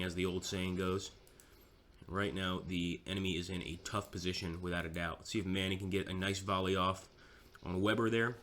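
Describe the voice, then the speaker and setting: A man's voice: low voice, level tone, moderate pace, fairly bright tone, a little hiss or hum. A man giving casual, chatty commentary over a strategy game, mocking himself now and then.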